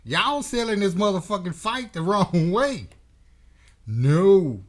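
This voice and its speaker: A man's voice: high-pitched, expressive, slow. A man hosting a boxing commentary channel, delivering a blunt, profane, emphatic opinion rant.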